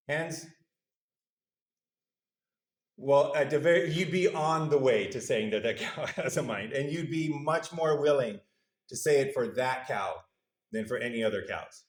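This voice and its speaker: A man's voice: mid-range voice, lively intonation, normal speed. A male university lecturer giving a conversational, good-humored lecture, putting questions to the audience in a lecture hall.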